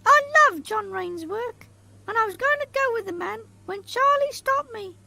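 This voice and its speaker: A small crude child, very high squeaky voice, bright and sharp, deadpan storytelling, comedy sketch. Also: moderate pace, gravelly, no room sound, soft background music, heavily acted.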